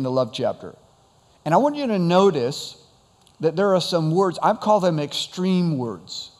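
Male pastor, conversational sermon, slightly high voice, reverberant sanctuary sound. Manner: conversational preaching with rhetorical questions.

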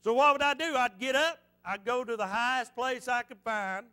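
A man's voice: very high-pitched, normal speed, pushed and bright, clear, resonant tone. A male pastor preaching a sermon in a fervent, repetitive style and weaving personal stories into it.

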